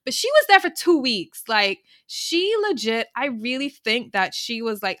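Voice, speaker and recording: A woman's voice: fairly high pitch, big pitch swings, a little slow, hardly any pauses, a bit bright, no room sound, studio quality. A woman co-hosting a podcast, chatting casually and animatedly, laughing often as she retells a reality show. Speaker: podcast co-host. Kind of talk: casual chat.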